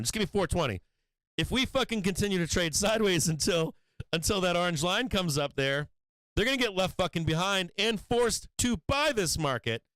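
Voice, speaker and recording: A man hosting a market live stream, ranting with profane, emphatic fire. His voice sits high and swings widely in pitch. It sounds close and dry, with no room echo. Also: fairly bright tone, smooth. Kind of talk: heated market commentary rant.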